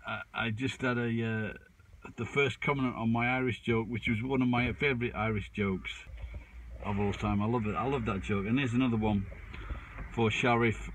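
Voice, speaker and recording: A man in his fifties talks loosely to his viewers, starting sentences over and trailing off as he goes. His voice sits at an ordinary middle pitch, and he keeps a self-mocking tone. A faint hiss runs underneath. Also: fairly even intonation, normal speed, low-quality recording. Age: 50s. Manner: rambling, with frequent restarts and fillers. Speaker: vlogger. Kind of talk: casual chat to camera.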